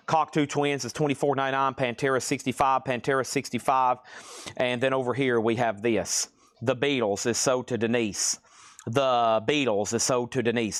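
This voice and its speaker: A man hosting a live-stream vinyl sale, calling bids in quick auctioneer patter and cracking jokes between items. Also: medium pitch, steady tone. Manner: rapid auctioneer chanting, joking asides. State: sweaty and restless, pacing.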